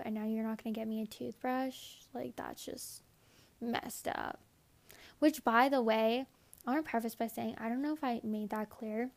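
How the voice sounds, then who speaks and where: A woman's voice: on the high side, a little mellow. A young adult woman telling a candid, profane story in a casual monologue. She rambles, says "like" often and acts out her own thoughts in quotes.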